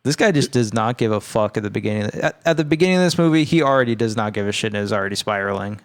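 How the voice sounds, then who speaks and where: A man's voice: on the low side, expressive, rapid-fire. A man co-hosting a podcast, casually recapping a film in a rambling, profane, laid-back way. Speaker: podcast co-host.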